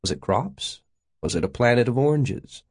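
A man narrating an audiobook in a measured, expressive reading style. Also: mid-range voice, husky.

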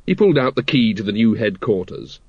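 A man's voice: on the low side, very animated, a little fast, darkish tone, breathy edge, no echo, lo-fi sound. A man reading a fantasy novel aloud with dry, wry storytelling. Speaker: audiobook narrator. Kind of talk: scripted narration.

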